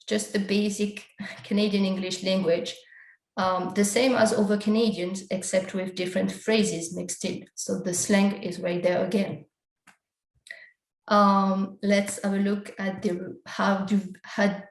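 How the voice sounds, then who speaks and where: A woman's darkish, mid-range voice carries an academic conference presentation in which she explains survey results stepwise across her slides, quoting survey questions frequently. It's a low-quality, reverberant recording.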